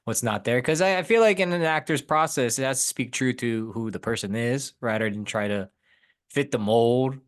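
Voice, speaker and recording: Soft-spoken supportive interview host. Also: medium pitch, moderate pace. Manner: supportive listener, frequent backchannels and laughs. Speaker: podcast host. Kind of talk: casual interview chat.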